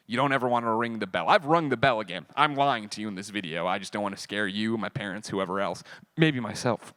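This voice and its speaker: A man speaking at a convention panel, telling a personal story in an animated, profane way and acting out the dialogue. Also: lowish voice, fast, smooth, no echo.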